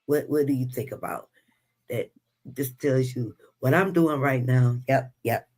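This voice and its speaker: Slow-talking interview host. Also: medium pitch. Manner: slow, warm-hearted questioning with many affirmations. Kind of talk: casual live-stream interview.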